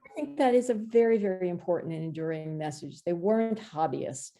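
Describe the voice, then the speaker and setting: Speaking a little fast in a fairly low pitch, a film director in her fifties tells stories animatedly during a casual podcast interview, using lots of fillers along the way.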